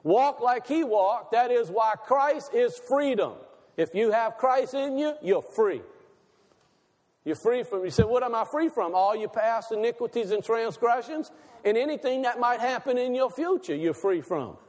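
A man preaching a sermon, asking his listeners questions and slowing down to stress key words. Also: extremely high pitch, animated, a little mellow, long reverb tail. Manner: asks the audience questions, slows for emphasis.

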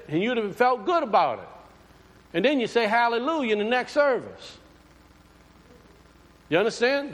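A man preaching a sermon, talking conversationally and asking his congregation questions. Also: high voice. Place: church sanctuary. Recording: long hall reverb.

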